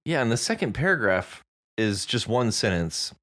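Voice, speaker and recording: Low-voiced woman cohost, bouncy intonation, goofy wordplay, chatting about a story. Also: normal speed. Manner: animated, joking, playful with words. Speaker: podcast co-host. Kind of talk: casual chat about a story.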